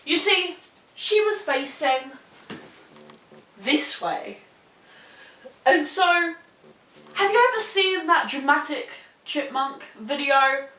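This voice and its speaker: A young woman with a New Zealand accent telling a story in a sweary, animated way, laughing as she goes. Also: high-pitched, slow pace, pauses often. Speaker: vlogger. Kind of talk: casual storytelling. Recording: echoey room, mic at a distance.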